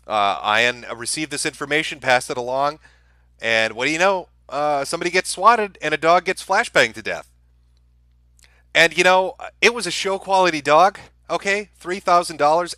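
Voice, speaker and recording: A man rants through a live-stream commentary, sarcastic and full of swearing. His voice is very bright and swings up and down in pitch, recorded close and dry. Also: no room sound. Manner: heated, profane, sarcastic rant. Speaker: streamer host.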